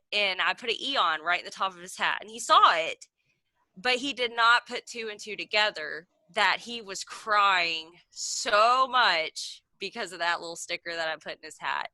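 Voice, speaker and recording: Her mid-range voice pushed and bright, a woman in her thirties rambles on with a story during a casual video call chat. She plugs every gap with "like," and the video call mic gives a dry recording.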